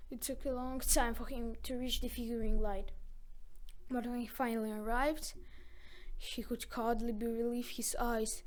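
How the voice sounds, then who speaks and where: A woman narrating a children's story aloud with a high, expressive voice. She reads with dramatic emphasis, drawing the listener in. Her tone stays clear and storybook-like.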